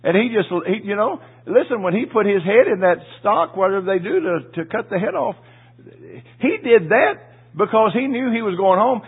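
A man preaching a sermon, telling a personal story in a folksy, emotional way with asides to the congregation, his voice husky. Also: high voice, expressive, fairly quick. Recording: tinny phone-like audio.

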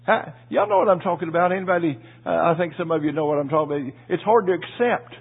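Preaching a sermon, a man tells a personal story in a folksy, emotional way, adding asides to the congregation. His husky voice is a little high and fast, and the audio sounds tinny, like a phone.

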